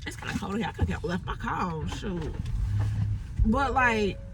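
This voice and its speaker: A woman's voice: mid-range voice, expressive, unhurried, background noise. A woman from Chicago venting frustrated, rambling thoughts into her phone from inside a parked car, full of "like" fillers. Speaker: entrepreneur vlogger. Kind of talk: unscripted venting monologue.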